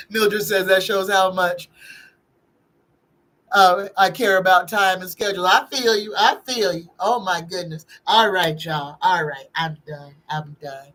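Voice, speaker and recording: A woman hosts a live-stream tarot reading and takes her time with every phrase. She chats casually, reads viewer questions out loud and greets people in the chat by name. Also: lowish voice, steady tone, unhurried, rough recording. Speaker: psychic tarot reader and host.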